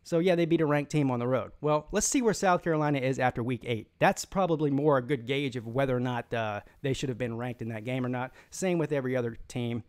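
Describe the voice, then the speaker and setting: Casting: male live-stream sports host, opinionated, rambling, restarts and fillers, mid-pitched voice. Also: fast talker, few pauses, a little mellow, smooth. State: has the hiccups. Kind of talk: live stream chat, reading comments.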